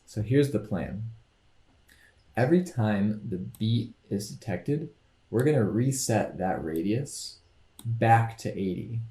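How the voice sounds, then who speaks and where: A man teaching a coding lecture over his screen, explaining each step in a relaxed, thinking-aloud way. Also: on the low side, slow, reverberant. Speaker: instructor.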